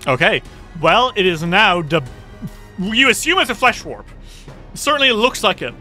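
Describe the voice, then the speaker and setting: A man with a bright, high-pitched voice runs a tabletop game, describing monsters and attacks in vivid detail. Soft music plays under his narration. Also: very animated, moderate pace. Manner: friendly, descriptive, reacts with groans. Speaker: game master.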